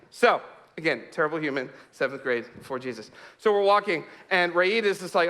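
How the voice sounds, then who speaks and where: A man telling a humorous personal story to an audience, laughing often and dropping to a hush for suspense. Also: sits high, fast. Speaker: speaker.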